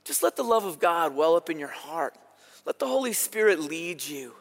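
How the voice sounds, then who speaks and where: A man preaches to a congregation, his voice sitting high for a man. He tells stories in an animated, chatty way. The sound carries a long reverb. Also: normal speed. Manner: storytelling, animated and conversational. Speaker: pastor. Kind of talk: sermon.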